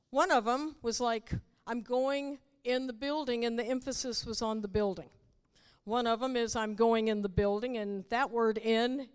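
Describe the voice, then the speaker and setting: A woman's voice: fairly high pitch, clear, resonant tone, in a large hall. A woman preaching a sermon, teaching the congregation and asking them rhetorical questions.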